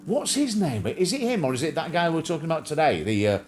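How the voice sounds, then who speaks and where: A man's voice: fairly high pitch, huge pitch swings, fast. A man hosting a casual livestream chat show, rambling and joking with plenty of fillers and restarts.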